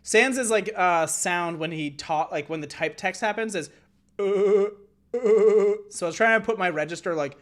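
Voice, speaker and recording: A man's voice: high-pitched, moderate pace, fairly bright tone. A man streaming a game, musing casually in a rambling way full of fillers. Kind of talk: casual chat.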